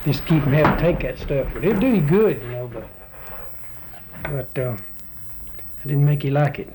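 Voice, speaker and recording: A man's voice: fairly high pitch, lively intonation, moderate pace, noisy background. An older man, chatting casually as the interviewee in a folksy, rambling, plainspoken way. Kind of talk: casual chat.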